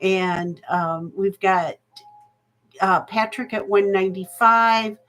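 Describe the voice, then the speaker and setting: Medium in pitch with a fairly bright tone, this jewelry sale host runs a live-streamed auction over faint background music, and the audio is poor. She is slow, chatty, and thankful, using fillers as she calls bids and thanks her viewers.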